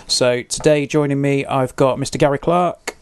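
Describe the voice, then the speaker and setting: A man's voice: mid-range voice, steady tone, normal speed, clean tone, no echo. A man hosting a casual podcast, easygoing and steering the conversation. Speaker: podcast host. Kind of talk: casual chat.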